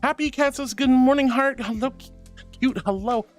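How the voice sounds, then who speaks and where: A woman's voice: sits high, normal speed, faint music behind. A young woman streaming casually, reading chat aloud and calling viewers sweetie and darling, with frequent giggles in her talk.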